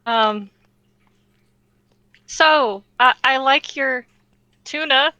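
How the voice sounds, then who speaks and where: A woman's voice: high voice, extremely slow, bright, forceful tone, dry recording, full character voice. A woman doing an awkward, stammering adventurer. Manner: hesitant, stammering.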